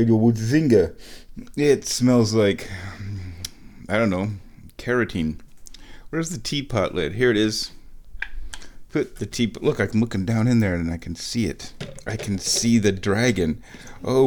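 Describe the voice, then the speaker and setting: A man with a low-leaning, darkish voice hosts a relaxed vlog, fixing tea indoors in his house's kitchen. He hums and talks playfully to himself throughout the task.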